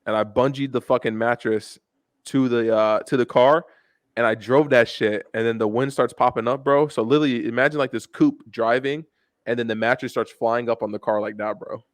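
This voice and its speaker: A man's voice: mid-range voice, fairly even intonation, fairly quick, dry recording, clean studio sound. A young man co-hosting a podcast, telling rambling, profane stories in casual chat and calling everyone "bro". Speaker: podcast co-host.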